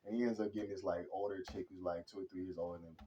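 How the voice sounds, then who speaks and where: A man's voice: low-pitched, very fast, lo-fi sound, slight background noise. Slangy young-sounding man reviewing a movie. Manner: slangy and animated, says "bro" and "hella" constantly.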